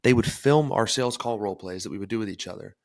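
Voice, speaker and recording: Young man, low voice, emphatic podcast host, dry close sound. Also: fast talker, creaky, dry recording. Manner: energetic, emphatic, self-described as fired up. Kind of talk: solo podcast talk on self-improvement.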